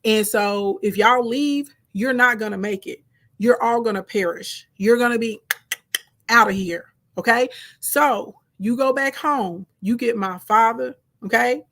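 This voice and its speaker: A man's voice: very high voice, a little slow, fairly bright tone, heavily acted. A woman voicing a forgiving, powerful man who talks to his brothers in emphatic, streetwise phrasing.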